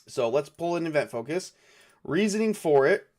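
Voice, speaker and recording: A man's voice: a little high, lively intonation, normal speed, darkish tone. A man narrating and playing a solo tabletop game, thinking aloud with many fillers. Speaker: game master and solo player.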